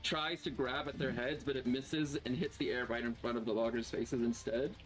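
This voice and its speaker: A man narrating a tabletop game as game master, animated and laughing often, with lots of "like" and "uh". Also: medium pitch, moderate pace.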